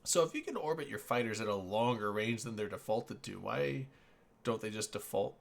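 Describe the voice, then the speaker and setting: A man's voice: fairly low pitch, lively intonation, normal speed, vocal fry. A man hosting a casual gaming chat, hesitant and thinking aloud with frequent fillers.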